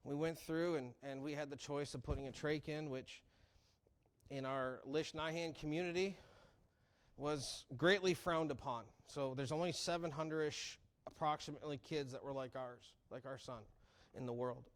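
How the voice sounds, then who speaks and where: A man speaks to a church congregation, recounting a personal story as testimony. His voice sits somewhat high for a man. He talks with feeling, restarting phrases and rising sharply in volume at the key moments. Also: fairly even intonation, moderate pace. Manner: emotional storytelling with frequent restarts, loud peaks. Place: church sanctuary.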